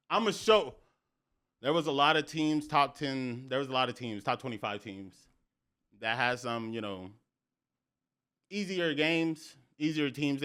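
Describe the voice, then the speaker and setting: A young man hosting a sports podcast, talking in an excited, slangy way and repeating phrases for emphasis. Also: mid-range voice. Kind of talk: excited casual sports talk.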